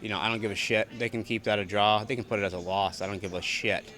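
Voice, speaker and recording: A man's voice: lowish voice, steady tone, quick pace, pushed and bright. A young man, a fighter, answering reporters after a bout in a blunt, profane, repetitive way. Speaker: fighter at post-fight press scrum. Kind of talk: post-fight interview answers. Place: arena backstage press area.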